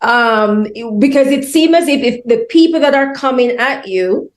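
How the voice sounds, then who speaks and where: A woman's voice: high voice, lively intonation, normal speed, echoey room. A woman interviewer asking long questions in a hesitant way, full of fillers. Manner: hesitant, filler-heavy phrasing.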